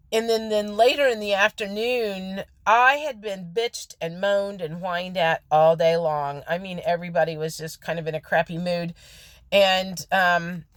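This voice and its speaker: A woman's voice: mid-range voice, no echo. Woman rambling about her day into her phone, very dry close sound, chatty and blunt. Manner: chatty, candid, acts out quoted dialogue. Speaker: spiritual vlogger. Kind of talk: casual storytelling monologue. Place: office.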